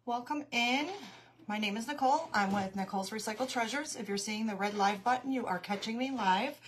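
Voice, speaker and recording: A woman's voice: medium pitch, a little hiss or hum. A middle-aged woman, hosting a casual craft livestream from home, greeting viewers by name and laughing often, a little out of breath. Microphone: tablet mic.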